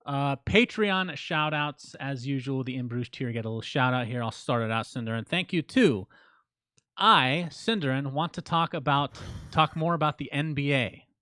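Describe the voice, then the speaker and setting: A man co-hosting a laid-back podcast, trading deadpan jabs with his partner. His voice sits at an ordinary middle pitch, recorded close and dry with no room sound. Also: moderate pace, no room sound. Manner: dry teasing, deadpan ribbing; reads listener names out as shout-outs. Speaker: podcast co-host. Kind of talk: casual podcast banter.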